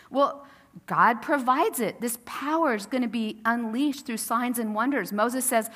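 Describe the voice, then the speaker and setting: A woman's voice: on the high side, unhurried, a bit bright. A woman pastor preaching a sermon in a casual, storytelling way, acting out the quotes. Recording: long reverb of a church sanctuary.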